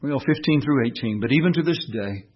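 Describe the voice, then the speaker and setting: Impassioned man preaching, husky voice. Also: medium pitch, expressive, brisk, muffled recording. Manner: impassioned, swinging from raised, emphatic lines to quiet, soft reflection. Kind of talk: sermon.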